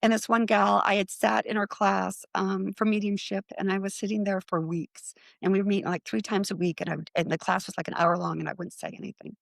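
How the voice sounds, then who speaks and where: A woman, a psychic medium, chatting as an interview guest with a slightly gravelly voice, telling a long story. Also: mid-range voice, flat delivery, brisk, hardly any pauses, no room sound. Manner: chatty, acts out other people's lines in quotes.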